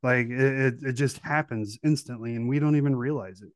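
A man's voice: mid-range voice, a little fast, dry recording. A man hosting a leadership podcast, asking questions in an enthusiastic, conversational way. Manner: enthusiastic, conversational, many fillers. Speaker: podcast host. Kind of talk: podcast interview.

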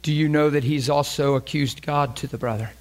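A man preaching a sermon with a somewhat high voice. He talks with passion and throws direct questions to his congregation. His delivery swings from loud emphasis to hushed, almost whispered lines. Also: steady tone, a little fast.

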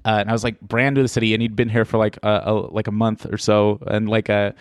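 A young man from Texas, a comedian guest in a casual podcast chat, animated, laughing often and swearing freely. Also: fairly low pitch, quick pace, no room sound, studio quality.

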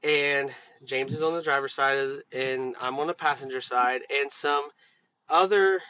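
A man's voice: mid-range voice, fairly even intonation, measured pace, sharp tone. A man hosting a podcast, telling work stories in a loose, profane, casual way with many fillers. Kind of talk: casual storytelling monologue. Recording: dull lo-fi recording.

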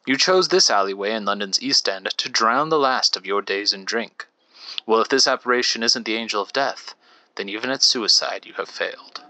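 A man's voice: lowish voice, normal speed. A man hosting a game podcast, reading game text aloud and chatting casually with lots of fillers. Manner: chatty, rambling, with frequent fillers. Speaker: podcast host. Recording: loud music behind voice. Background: loud music.

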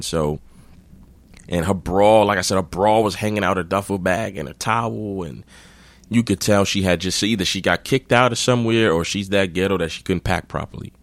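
A man's voice: sits low, fairly bright tone, no echo. A man hosting his own podcast, telling a rambling, profane anecdote in a blunt, casual way. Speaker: podcast host. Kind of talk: casual storytelling.

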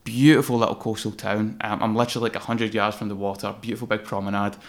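Scottish guy on a podcast, lowish voice, talks real candid, swears a bit. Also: quick pace. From Scotland. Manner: candid, swears freely, animated when reliving moments. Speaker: podcast guest, designer. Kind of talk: casual interview storytelling.

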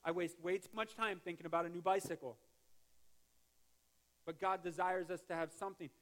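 A man's voice: high-pitched, fairly even intonation, brisk, a bit bright. A male pastor giving a conversational sermon, with joking asides and restarts. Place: church sanctuary.

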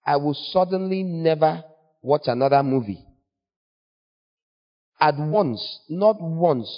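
A fairly high-voiced man preaching a playful, teasing sermon with sudden leaps in pitch. His voice rings with a long church reverb and comes through with a dull, lo-fi sound. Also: lively intonation, slow pace.

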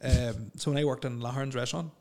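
Bloke, mid pitch, rambles through a story with loads of ums and laughs. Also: male voice, steady tone, fast, vocal fry, crowd noise. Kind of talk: casual storytelling.

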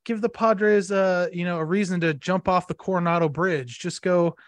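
A man's voice: high-pitched, steady tone, moderate pace, dry recording. A man co-hosting a casual sports podcast, gloating and swearing as he mocks rivals. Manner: gloating, profane, mocking. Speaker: podcast co-host.

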